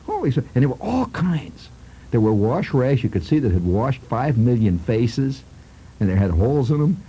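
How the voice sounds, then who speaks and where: A man's voice: medium pitch, sing-song, normal speed, mellow, breathy edge, poor audio. A man telling a humorous childhood story in a rambling, conversational way with asides to his listeners.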